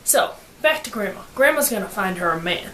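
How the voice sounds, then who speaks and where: A woman's voice: medium pitch, lively intonation, a little fast, a bit bright, a little hiss or hum. A young woman giving a playful, slangy, casual book review as a vlogger. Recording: echoey room.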